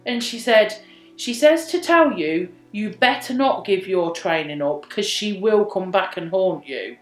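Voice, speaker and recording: A young woman telling a true story in casual chat, drops soft and breathy for quoted lines. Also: mid-range voice, animated, measured pace, soft background music. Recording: echoey room.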